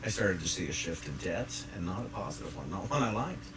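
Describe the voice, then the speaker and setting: Guy preaching a sermon, gets loud then real quiet, far off mic in an echoey church w/ hiss. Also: low voice, brisk. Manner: animated, swings between hushed and loud, laughs with congregation. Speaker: pastor. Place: church sanctuary with congregation.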